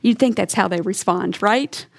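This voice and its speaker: A woman's voice: mid-range voice, normal speed, vocal fry. A woman giving a radio Bible teaching, earnest and emphatic, leaning into key words.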